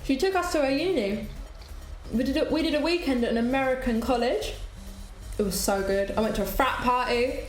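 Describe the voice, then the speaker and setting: A woman's voice: high-pitched, fairly quick. Chatty British woman, echoey kitchen. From United Kingdom. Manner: chatty and animated, laughs often, talks while eating. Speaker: cooking streamer. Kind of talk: casual live-stream chat, reading viewer comments. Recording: echoey room with faint music behind.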